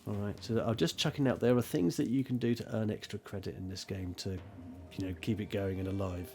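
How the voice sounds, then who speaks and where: Rambling low-voiced male game master. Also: fairly quick, soft background music. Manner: rambling, animated, self-mocking. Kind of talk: narrating a tabletop game.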